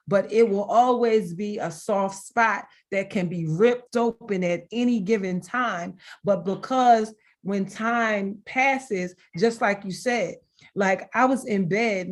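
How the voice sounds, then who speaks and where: A middle-aged woman shares personal stories over a video call. She speaks expressively and warmly in tone, with a mid-range voice, and she often breaks into laughter. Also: medium pitch, unhurried. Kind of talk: heartfelt conversational storytelling.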